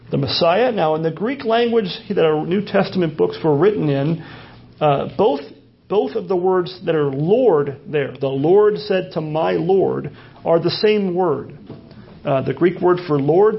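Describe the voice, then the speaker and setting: Heard on a dull, lo-fi sermon recording, a man with a high, gravelly voice preaches as pastor. He works through a passage, repeating phrases and asking rhetorical questions.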